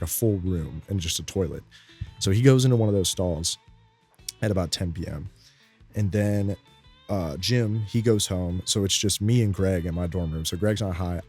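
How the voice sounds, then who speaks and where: A man's voice: sits low, darkish tone, husky. A young man telling a story in a rambling, laid-back way, full of fillers. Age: young adult. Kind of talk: casual storytime.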